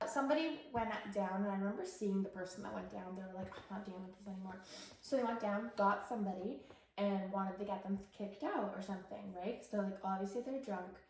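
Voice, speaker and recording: A woman's voice: mid-range voice, a little fast. A young woman from Canada, co-hosting a podcast and telling a story in a casual, rambling way with lots of fillers. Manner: rambling, many fillers, animated retelling. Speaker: podcast co-host. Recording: very echoey room.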